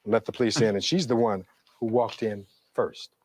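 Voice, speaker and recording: A man's voice: on the low side, fairly even intonation, normal speed, darkish tone. A middle-aged man, a defense attorney giving a courtroom closing argument, reading testimony aloud and posing rhetorical questions in an oratorical way.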